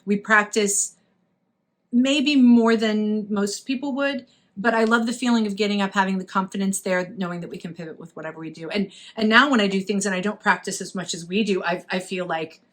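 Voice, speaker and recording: A woman's voice: medium pitch, brisk. A woman co-hosting a casual chat, an encouraging voice teacher who laughs often. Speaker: co-host, voice teacher.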